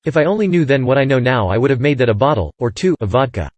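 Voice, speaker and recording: A man's voice: mid-range voice, racing, no echo. Male horror story narrator, dry sound. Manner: steady, first-person storytelling.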